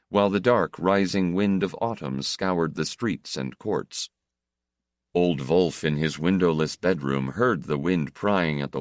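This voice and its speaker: Deep guy reading a novel aloud, lots of rise and fall, dry sound. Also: no room sound. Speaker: narrator. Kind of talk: audiobook narration.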